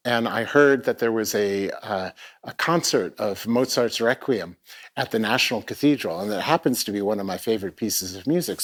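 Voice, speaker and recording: Reflective middle-aged man telling a story. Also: medium pitch. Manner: reflective, halting, repeats words. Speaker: festival speaker. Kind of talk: personal storytelling talk. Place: theatre stage at a live arts event.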